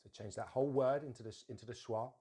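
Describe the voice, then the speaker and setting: A man teaches English pronunciation at an even middle pitch. He talks the learner through each example and says the model words slowly and deliberately, then repeats them. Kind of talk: pronunciation lesson.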